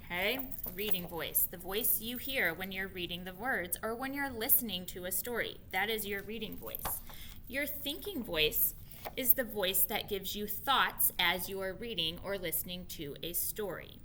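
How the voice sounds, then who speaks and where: Speaking at a medium pitch, a female teacher models a reading lesson for small children on her own camera. She stays patient and expressive, slowly repeating the important points, with slight noise in the background.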